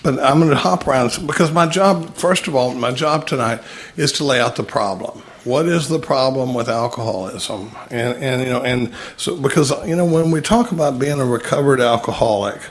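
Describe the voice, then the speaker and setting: A man's voice: medium pitch, normal speed. A man giving a folksy, conversational talk to a recovery meeting, often repeating words and restarting sentences.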